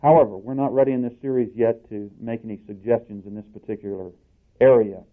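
A man preaching a sermon in a deliberate, emphatic way. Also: on the low side, fairly even intonation. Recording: tinny phone-like audio.

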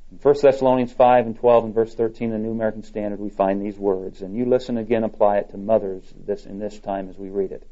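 A man preaching a sermon in an earnest, measured way. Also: fairly low pitch, steady tone, warm tone. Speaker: pastor. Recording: dull lo-fi recording.

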